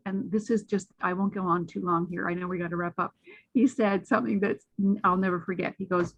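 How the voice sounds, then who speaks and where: A woman from Canada speaking as a guest on a webinar, an excitable, chatty storyteller who acts out the voices of people she quotes. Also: medium pitch, brisk, dry recording. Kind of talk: enthusiastic testimonial on a video call. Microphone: video call. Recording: muffled video call audio.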